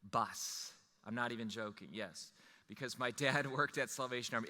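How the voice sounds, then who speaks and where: A man telling a personal story to an audience, animated and rambling, with restarts. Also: medium pitch, clean tone, big-room sound. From Wisconsin.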